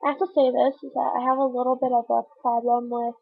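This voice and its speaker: A woman's voice: a little high, level tone, quick pace, gravelly, breathy edge. A teenage girl chatting casually about books to her webcam, giggly and full of filler words. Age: teens. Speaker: book vlogger. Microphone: webcam microphone. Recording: dull webcam audio with faint hiss.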